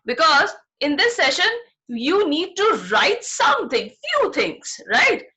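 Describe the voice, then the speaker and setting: A female primary school teacher with an Indian English accent runs an online phonics class for young children over a video call, checking they follow with "right?". Her voice is high-pitched and sharp, very animated, yet her pace is slow.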